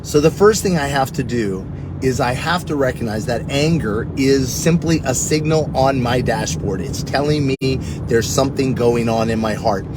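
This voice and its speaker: A middle-aged man teaching earnestly on prayer, preaching in a conversational way and telling personal stories. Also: normal speed. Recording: steady rumbling background noise.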